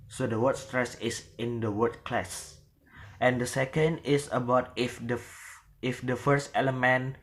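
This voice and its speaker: A man giving a halting classroom presentation on English pronunciation, full of restarts and fillers. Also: fairly low pitch.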